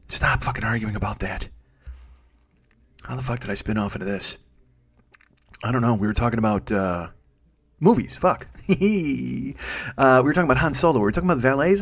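Man, fifties, podcast host, rapid, swearing, rambling comedic monologue. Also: mid-range voice. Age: 50s. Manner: profane, self-deprecating rambling.

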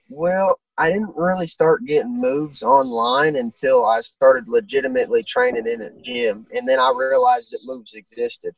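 A man's voice: very high voice, gravelly, no room sound, recorded from a distance, poor audio. A man in his twenties, a guest fighter, talking in a laid-back, blunt and crude way in a casual interview. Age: 20s.

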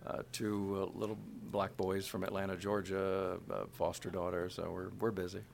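There's vocal fry in this middle-aged man's low-pitched voice as he chats at a moderate pace in a casual interview, with a little background noise. A voice actor from Kansas City, USA, he's animated and shifts into character voices mid-sentence.

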